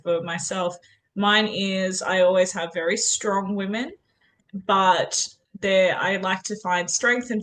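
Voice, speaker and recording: A woman hosting an author interview over a video call, enthusiastic and gushing as she fires off quick questions. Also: fairly low pitch, fairly bright tone, slight background noise. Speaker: interview host. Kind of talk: casual interview chat.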